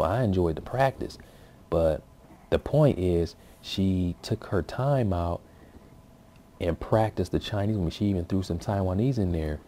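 Deep-voiced man rambling casually at home. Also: warm tone, slight background noise. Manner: loose, rambling, filler-heavy with many restarts. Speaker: vlogger commenting on his language practice videos. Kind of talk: casual spoken commentary. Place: at home, with his baby nearby.

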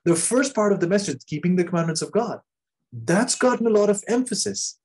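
A man delivers a sermon with earnest emphasis, his voice somewhat high and husky. He circles back on phrases and restarts them, then lets the ends of key lines sink low and quiet. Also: lively intonation, a little fast. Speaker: preacher.

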